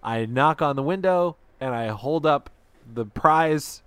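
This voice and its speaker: A man's voice: a little high, lively intonation, slow, a bit bright, clear, resonant tone, dry recording. A young man telling a story in a casual podcast chat, rambling and self-deprecating with lots of fillers.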